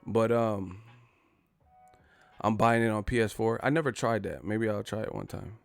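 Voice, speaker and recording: A man's voice: on the low side, moderate pace, vocal fry, no echo, faint music behind. A man hosting a casual boxing live stream, talking loosely and profanely and reading out viewer messages. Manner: laid-back, profane, reads viewer messages.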